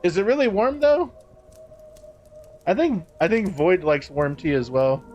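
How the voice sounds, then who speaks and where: A man's voice: on the high side, big pitch swings, moderate pace, a little hiss or hum. A man streaming a game live, chatting casually, swearing and laughing as he banters with his chat. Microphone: streaming microphone.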